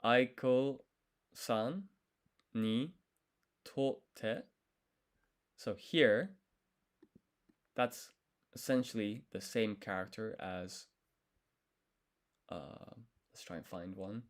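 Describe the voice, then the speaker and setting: A man studying a language on a live stream, thinking aloud, sounding out syllables slowly and correcting himself as he goes. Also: on the low side.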